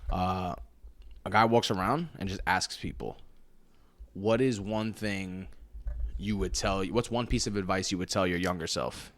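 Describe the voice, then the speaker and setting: A man's voice: low voice, unhurried, a bit bright, no echo. A young man co-hosting a podcast in casual chat, loose and profane with street slang. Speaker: podcast co-host.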